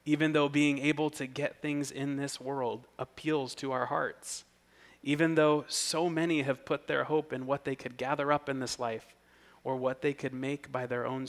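A man preaching an expository sermon, earnest and emphatic, whose voice rises in pitch and volume when he reads scripture aloud. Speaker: pastor.

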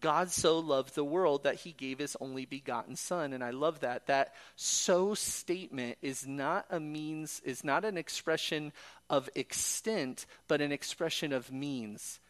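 A man's voice: on the high side, measured pace. A man preaching a sermon in an earnest way, quoting scripture and building to emphatic peaks.

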